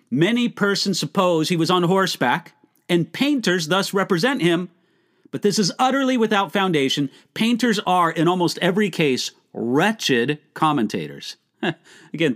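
A man pastor delivers a short devotional Bible teaching in a fairly high voice. His pitch rises and falls in a lively, animated way. He speaks earnestly and deliberately, drawing out the words he wants to stress. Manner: earnest, measured, stretches key words slowly.

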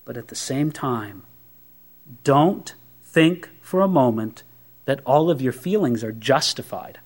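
A man preaching a sermon as a pastor, conversational and animated, with many rhetorical questions. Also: mid-range voice, slow pace.

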